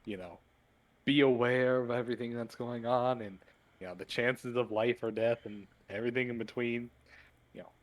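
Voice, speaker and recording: A man's voice: medium pitch, fairly even intonation, moderate pace, natural voice. A man voicing a sly, mocking floating male spirit with a sardonic drawl.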